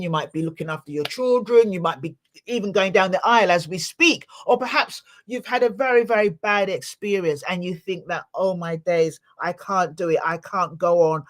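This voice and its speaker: A woman hosting a live-streamed podcast, effusive and motivational, repeating words over and over for emphasis. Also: medium pitch. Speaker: podcast host.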